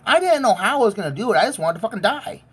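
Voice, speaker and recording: A woman's voice: mid-range voice, sing-song, very fast, husky. A woman giving a blunt, profane, emotionally intense rant as a vlogger. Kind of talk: profane ranting monologue.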